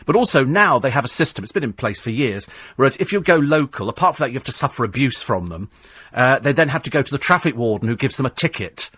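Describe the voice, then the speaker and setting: A man's voice: medium pitch, very animated, fast, fairly bright tone, breathy edge, dry recording. A man hosting a talk radio phone-in, combative and sarcastic as he answers listener texts in a studio. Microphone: studio microphone.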